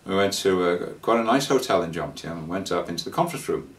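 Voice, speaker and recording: A man telling a casual travel anecdote, rambling and halting with fillers and restarts. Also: deep voice, expressive, fairly bright tone, far from the mic, slight background noise. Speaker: traveller sharing scam warnings.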